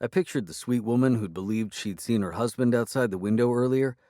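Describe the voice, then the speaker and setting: A man narrating a first-person audiobook in a measured storytelling manner. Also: medium pitch, warm tone, dry recording, studio quality.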